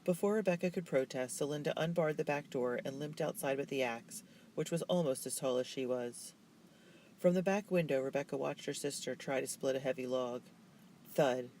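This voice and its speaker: Man, mid-pitched voice, steady measured reading, children's novel narration, faint background noise. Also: low-quality recording.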